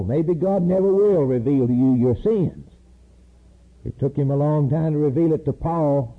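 A man preaching a fiery sermon, pleading with his listeners and rising to loud emphatic peaks. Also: mid-range voice, husky. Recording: tinny phone-like old sermon tape.

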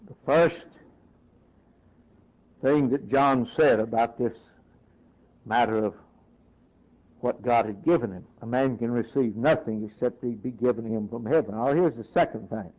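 A man's voice: mid-range voice, unhurried, long pauses. A man preaching a sermon, reading scripture aloud and then driving points home in short emphatic phrases. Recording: dull lo-fi recording.

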